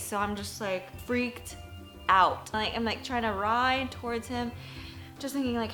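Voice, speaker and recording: A woman in her thirties, a poker journalist, telling a story in a vlog, animated and full of "like", acting out her own reactions. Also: a little high, measured pace, soft background music.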